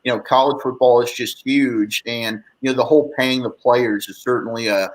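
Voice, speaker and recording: A man's voice: mid-range voice, steady tone, moderate pace, poor audio. A man guesting on a sports podcast, talking with heated, swearing rants and many "you know" fillers. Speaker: guest sports radio host. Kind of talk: casual sports podcast chat.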